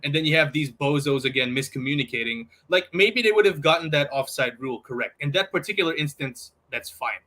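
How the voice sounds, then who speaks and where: A man co-hosting a casual talk show, joking with quick asides. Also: on the high side, animated, sharp tone. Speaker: co-host. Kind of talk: casual podcast chat.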